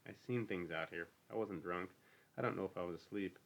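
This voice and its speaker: A man's voice: low voice, a little fast, gravelly. A man reading the part of a lonely, bitter older stable hand who talks in a brooding, needling rural drawl. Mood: lonely, wistful.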